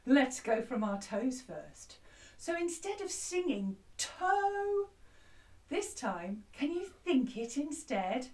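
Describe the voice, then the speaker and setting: A woman's voice: high-pitched, big pitch swings, slow, darkish tone, far from the mic. A woman teaching a children's music lesson who sings an action song and cheerfully explains each step. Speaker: primary school music teacher.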